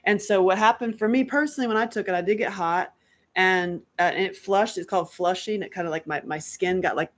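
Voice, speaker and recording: A woman, hosting a casual, rambling chat and laughing often. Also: lowish voice. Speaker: host.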